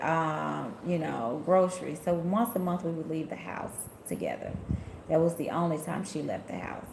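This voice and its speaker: A sassy woman, speaking in a low, gravelly voice as she chats with viewers on a tarot live stream. She reads comments aloud and tells stories in a loose, talkative way. The sound carries the echo of a room, with a faint hiss behind her. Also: a little mellow. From Memphis, USA. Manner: sassy, chatty storyteller who laughs often and talks straight to her viewers. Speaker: tarot reader and spiritual healer hosting a live stream. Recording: echoey room.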